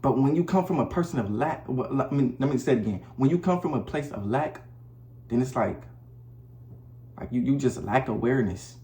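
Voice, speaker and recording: A man's voice: medium pitch, expressive, brisk, warm tone, roomy sound, a little hiss or hum. A man giving blunt, preachy relationship advice to the camera in a casual monologue, talking in slang and often repeating himself. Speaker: vlogger. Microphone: camera mic.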